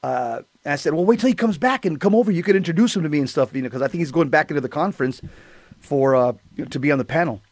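A man with a fairly high voice recounts an encounter in casual chat, clearing his throat and filling his pauses. The sound is dry and close, with no room echo. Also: animated. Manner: conversational, frequent throat clearing and fillers. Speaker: co-host.

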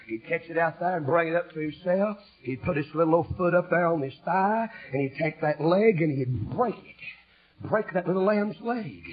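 Man, preacher, shouting revival sermon, high lively voice, dull lo-fi recording. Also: slightly rough. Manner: rhythmic, rising to shouted peaks then dropping low.

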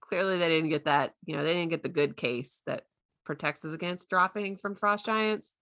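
A woman's voice: low voice, moderate pace, fairly bright tone, dry recording, clean studio sound. A woman in her thirties, co-hosting a casual recap chat, chatty and laughing often as she quotes characters in silly voices. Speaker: podcast co-host recapping a show.

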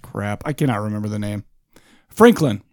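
A man's voice: fairly low pitch, lively intonation, normal speed, darkish tone, no room sound, studio quality. A man co-hosting a casual podcast, guessing movie answers and muttering to himself as he thinks.

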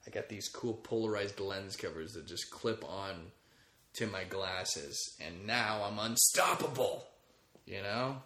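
A man in his thirties rambles through a casual podcast monologue, crude and joking, swearing freely. His voice sits a bit low yet sounds bright and forceful. The room around him is echoey. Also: measured pace. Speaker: podcast host.

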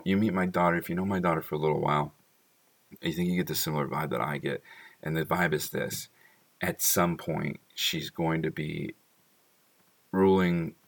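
A man's voice: very deep voice, creaky, a bit bright, distant mic. A man talking fondly about his children in a casual, rambling monologue full of "like" and small laughs.

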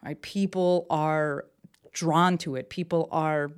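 A woman's voice: low-pitched, steady tone, slow, smooth. A woman hosting a casual solo podcast from her desk, talking enthusiastically and rambling with lots of fillers and restarts. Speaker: podcast host. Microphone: desk mic with camera.

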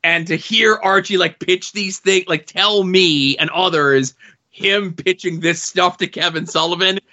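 A man with a bright, forceful voice and a slightly high pitch tells a behind-the-scenes story in loose podcast chat. He teases his co-host and swears now and then. The sound is muffled and lo-fi. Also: a little slow. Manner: storytelling, swearing, playful teasing. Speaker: podcast co-host, show insider. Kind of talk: casual chat.

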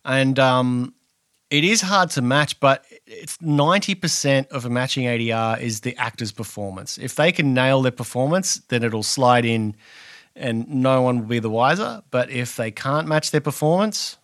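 A man's voice: medium pitch, animated, moderate pace, fairly bright tone, no room sound. Rambling man, dry close sound. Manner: rambling, many restarts and fillers. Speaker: podcast co-host. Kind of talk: casual podcast chat.

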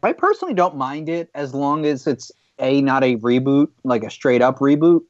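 A man's voice: mid-range voice, very animated, moderate pace, dry recording, dull audio. A man in a casual group chat, explaining his points at length with hesitant fillers.

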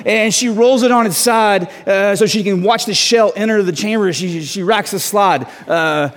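Animated male preacher in a reverberant hall. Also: high-pitched, normal speed, slight background noise. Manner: animated, self-mocking storyteller with many restarts. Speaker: guest preacher. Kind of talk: storytelling sermon. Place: church hall.

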